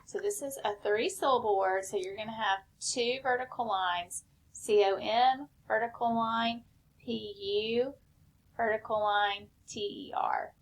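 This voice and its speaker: A woman teacher giving a recorded spelling lesson, slow and patient, step by step. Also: fairly high pitch.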